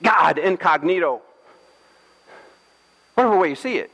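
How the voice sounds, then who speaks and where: A man's voice: high voice, lively intonation, measured pace, fairly bright tone, in a large hall, low-quality recording. A man pastor giving a sermon, telling a scripture story playfully with jokes and acted-out lines.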